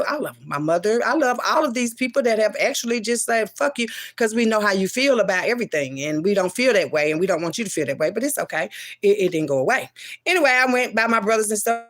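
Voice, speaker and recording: A woman telling a personal story in casual, slangy speech, swinging from loud exclaims to hushed asides. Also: medium pitch. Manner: profane, slangy and conversational.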